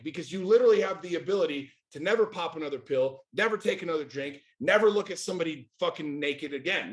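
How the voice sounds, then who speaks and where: A man in his forties from the United States, a podcast guest talking in a blunt, emphatic, profane way. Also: fairly high pitch. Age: 40s. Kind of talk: casual chat.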